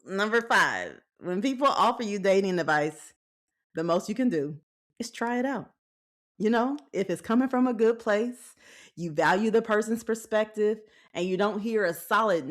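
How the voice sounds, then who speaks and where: Lively, animated woman host. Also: medium pitch. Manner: animated storytelling with acted-out quotes; folksy, frank, laughs often. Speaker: podcast host. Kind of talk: casual faith-based advice talk.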